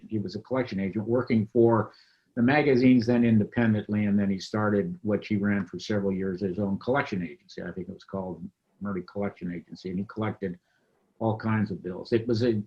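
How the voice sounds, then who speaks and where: A man in his seventies from the United States, recalling his family's past in an oral history interview, in a rambling, reflective way. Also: lowish voice. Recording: dull lo-fi sound.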